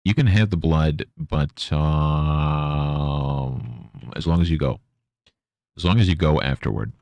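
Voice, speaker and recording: A man's voice: very deep voice, slow, gravelly, darkish tone, no room sound, highs cut off. A man streaming while he works, muttering to himself and playfully scolding his pet. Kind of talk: casual live-stream chatter.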